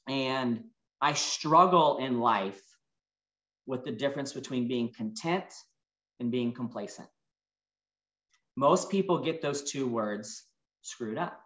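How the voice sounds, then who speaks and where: A man gives an earnest motivational talk. His voice sits at a middle pitch, and he slows down for reflective moments. The sound carries the echo of a roomy space. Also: a bit bright, lo-fi sound. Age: 40s. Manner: earnest and emotional, storytelling with reflective pauses. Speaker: motivational speaker. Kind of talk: personal keynote talk.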